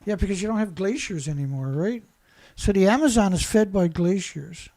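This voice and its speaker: This environmental commentator from Canada has a warm, high-pitched voice and talks at normal speed. His clip is a ranting commentary where he reads news reports and derides them with sarcasm and swearing.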